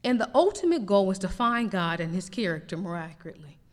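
A woman preacher delivering a lively, emphatic sermon. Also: medium pitch, brisk, big-room sound. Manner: animated preaching with rising emphatic peaks.

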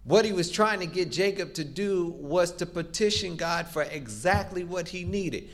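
A man's voice: sits high, expressive, normal speed. Man preaching an emphatic sermon. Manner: emphatic, rhythmic preaching with repetition.

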